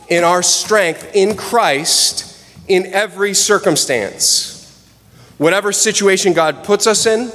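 A male pastor preaching a sermon in a conversational way, asking the congregation direct questions and slowing down for emphasis. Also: sits high, fairly bright tone, long reverb tail. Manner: slows down for emphasis.

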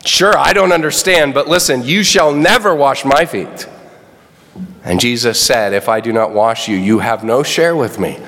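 Male preacher in a reverberant hall. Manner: animated, acts out quotes in high voices. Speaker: pastor. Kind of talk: sermon.

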